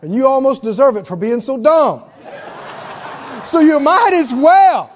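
High-voiced emphatic male preacher. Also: lively intonation, a little slow, long pauses, big-room sound, lo-fi sound. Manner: emphatic, repeats for effect, laughs between points. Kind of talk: sermon.

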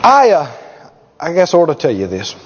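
A middle-aged man preaching a sermon with stories, folksy and animated, often chuckling. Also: fairly high pitch, moderate pace, slight background noise. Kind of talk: sermon with storytelling. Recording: echoey hall, dull lo-fi sound.

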